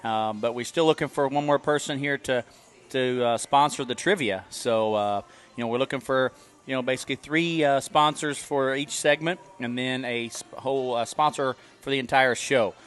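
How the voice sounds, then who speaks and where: A man's voice: mid-range voice, moderate pace, fairly bright tone, clean tone. A man co-hosting a local sports talk show, explaining sponsorships in a loose, rambling way with many fillers. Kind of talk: casual talk show chat.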